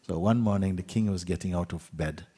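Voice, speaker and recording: A man, a spiritual teacher, telling a fable to an audience in an unhurried way, with pauses, sometimes dropping to a hushed whisper. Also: low voice, slightly rough, big-room sound. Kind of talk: storytelling talk to an audience.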